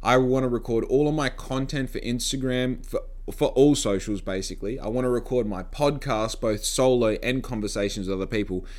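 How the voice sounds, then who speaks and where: A man's voice: mid-range voice, brisk, a little mellow. A man casually vlogging to camera, blunt and sarcastic, swearing freely, recorded on a phone mic. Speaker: podcaster and vlogger. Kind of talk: casual talking-to-camera vlog. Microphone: phone microphone.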